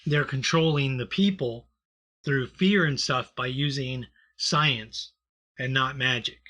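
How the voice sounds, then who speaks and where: A man's voice: medium pitch, slow pace, sharp tone. A man co-hosting a comedy podcast, rambling through a movie recap in casual, profane chat full of fillers. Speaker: podcast co-host.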